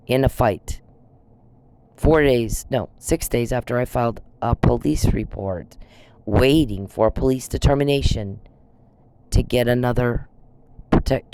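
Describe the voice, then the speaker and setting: A woman's voice: very deep voice, gravelly, mellow. A woman ranting straight at someone in a blunt, accusatory, profane vlog monologue. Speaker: vlogger. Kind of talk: angry direct-address rant.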